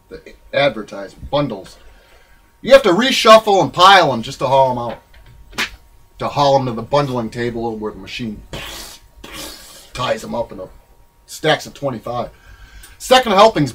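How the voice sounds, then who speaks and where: A man reading his own memoir in a rambling, wry, irreverent way, swinging between loud bursts and low mutters. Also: slightly rough, rough recording. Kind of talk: spoken-word memoir reading.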